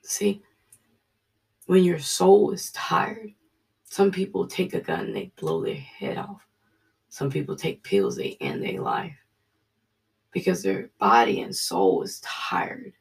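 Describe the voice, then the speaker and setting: A Bible study leader reading scripture and telling a personal testimony, earnest and halting, dropping to a hushed voice. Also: mid-range voice, creaky, distant mic.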